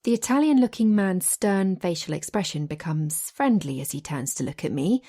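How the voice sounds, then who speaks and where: A woman reads a first-person romance audiobook with expressive, lively storytelling. Her voice sits fairly low, with a mellow and softly husky grain. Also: moderate pace, few pauses. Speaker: audiobook narrator.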